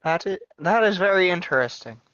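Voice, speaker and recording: Smooth-voiced stammering player, lo-fi mic. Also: mid-range voice, animated, fairly quick, a bit bright, dry recording. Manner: stammering restarts. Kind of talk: tabletop game chat.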